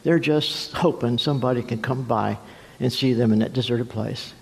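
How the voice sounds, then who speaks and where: A man preaching a sermon as pastor, telling stories and acting out voices with big swings in pitch and pace. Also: normal speed, gravelly. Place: church sanctuary. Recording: long church hall reverb.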